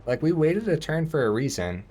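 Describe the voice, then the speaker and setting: A man giving casual gameplay commentary, thinking aloud and breaking into excited outbursts. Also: on the high side, normal speed.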